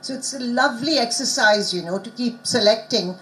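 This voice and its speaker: A middle-aged woman presents at a conference in a lively, teacherly way. Her voice sits a little high, and she keeps pausing to quiz her listeners and stress key words. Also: low-quality recording. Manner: quizzes the audience, animated teacherly emphasis. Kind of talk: interactive teaching talk.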